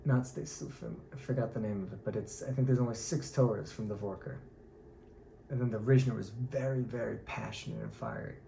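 A man teaches a Torah class, telling the story with animated acted-out quotes. His voice is gravelly and mellow. The room echoes around him, with a faint hum of noise behind. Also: on the low side, a little fast.

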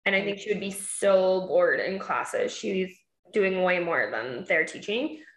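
A mom chatting casually, laughing often and acting out quotes in a bright, animated voice. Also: female voice, measured pace. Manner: giggly, animated, acts out quotes in a high voice. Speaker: mom and podcast guest. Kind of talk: casual chat. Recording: echoey room.

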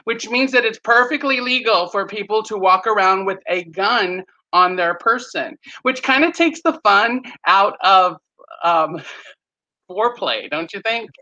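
Bright-voiced man doing a stand-up set. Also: high-pitched, unhurried. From Texas, USA. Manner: animated punchline delivery with shouted put-on voices. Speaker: stand-up comedian guest. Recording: slightly muffled podcast audio.

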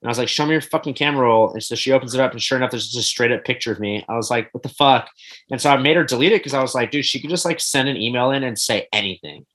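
Brief: young guy, ex-delivery driver, rapid-fire crude storyteller. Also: mid-range voice, a bit bright. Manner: quick, crude storytelling with frequent swearing. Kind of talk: casual chat.

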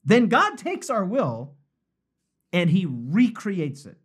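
A male pastor giving a conversational, animated devotional sermon and repeating key phrases for emphasis. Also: sits high, slow, husky. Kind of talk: live-streamed devotional sermon.

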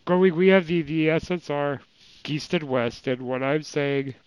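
A man's voice: fairly high pitch, unhurried, clear, resonant tone, dry recording. A man co-hosting a fan podcast in casual chat, dropping short joking remarks. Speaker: podcast co-host. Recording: muffled lo-fi audio.

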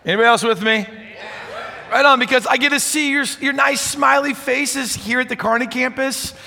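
A man preaching a sermon as pastor, chatty and energetic, speaking to a congregation. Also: very high-pitched, normal speed, gravelly. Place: church hall with audience. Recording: reverberant church hall.

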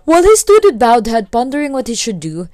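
A woman narrating a folk tale in a steady, clear read-aloud manner. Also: on the high side, brisk, no echo. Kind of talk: storytelling narration.

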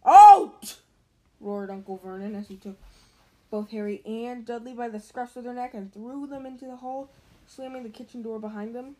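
A woman reads a novel aloud in a relaxed, unpolished way, her voice sitting a bit high. She stumbles on words and corrects herself as she goes. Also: a little fast, rough recording. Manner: casual, with slips and restarts. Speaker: reader.

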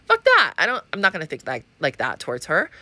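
Woman from Hawaii, podcast host, casual profane chatter, fairly low pitch, dry close sound. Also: very animated, quick pace, bright, forceful tone, dry recording. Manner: chatty and profane, with frequent laughs. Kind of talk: casual spiritual-astrology podcast monologue.

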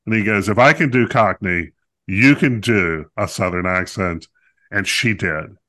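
A man's voice: lowish voice, a little slow, pushed and bright. A man co-hosting a podcast, reviewing a musical in casual chat, talkative and playful with many fillers.

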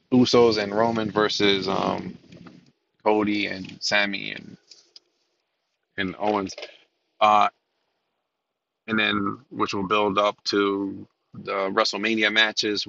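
A man's voice: fairly low pitch, creaky, pushed and bright, highs cut off. A man hosting a solo podcast in casual commentary style. He rambles, restarts his sentences, says "um" a lot and swears casually. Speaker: podcast host.

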